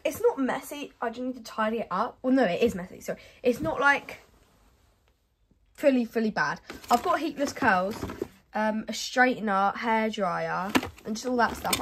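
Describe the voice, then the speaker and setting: A woman's voice: on the high side, fairly bright tone, slight background noise. Chatty woman vlogging her bedroom tidy-up. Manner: chatty, rambling, corrects herself often. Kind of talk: casual chat to camera.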